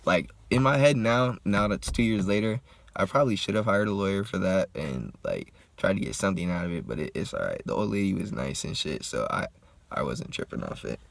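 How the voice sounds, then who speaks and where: A young man telling a story in a laid-back, slangy, profane way while getting high and smoking. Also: big pitch swings, a little fast, creaky, no room sound. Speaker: vlogger. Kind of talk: casual storytime.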